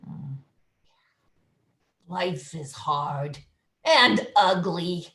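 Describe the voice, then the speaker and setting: A woman's voice: fairly low pitch, expressive, drawn-out words, bright, forceful tone, roomy sound, heavily acted. A woman voicing a pushy, sardonic woman on a stoop, read as improvised comedy over a video call. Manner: pushy, sardonic street heckling.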